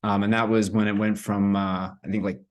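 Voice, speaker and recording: A man's voice: on the low side, flat delivery, brisk. A man giving casual commentary to camera as a vlogger, rambling as he explains things. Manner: rambling, with many fillers and restarts. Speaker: crypto vlogger.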